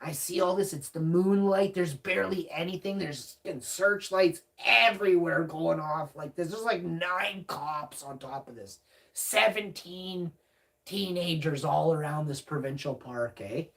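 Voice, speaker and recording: A man's voice: a little high, unhurried, creaky, recorded from a distance. A young man telling a brash, profane story in a casual livestream monologue. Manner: brash, profane, rambling, acts out his own shouts. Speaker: live streamer. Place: home room at night. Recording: voice set back from the mic.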